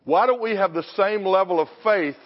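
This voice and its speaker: Brief: older male preacher, fairly high voice, punchy sermon delivery, long hall reverb. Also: normal speed, dull audio. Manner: punchy, alliterative, confrontational preaching. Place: church sanctuary.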